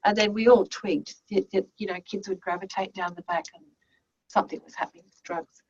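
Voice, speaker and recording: A woman's voice: medium pitch, fairly even intonation, a little fast, slightly rough. A woman teaching an online class, telling classroom stories in a chatty way full of restarts, heard over a video call. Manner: anecdotal, conversational, with many restarts. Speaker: teacher educator. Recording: muffled, distant video call audio.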